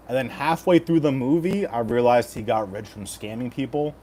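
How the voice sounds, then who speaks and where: A man's voice: mid-range voice, moderate pace, a little mellow, a little hiss or hum. A man in his thirties streaming casually, joking and swearing as he reads chat aloud and talks over fight picks. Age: 30s.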